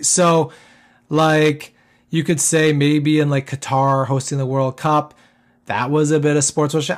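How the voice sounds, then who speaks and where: A man hosting a casual solo podcast, rambling with lots of fillers and tag questions, his voice getting worn. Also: a little high. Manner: rambling, filler-heavy, keeps tagging "okay?". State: losing his voice. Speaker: podcast host.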